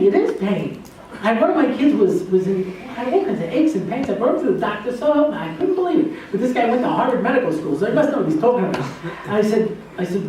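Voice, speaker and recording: A man with a fairly high voice tells a story to students, acting out each character's lines with sudden jumps in pitch. He sounds set back from the mic in a very echoey hall. A faint noise sits under the sound, and laughter rises from the listeners. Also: darkish tone, far from the mic. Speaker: rabbi and lecturer. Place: lecture hall with laughing audience. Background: audience laughter.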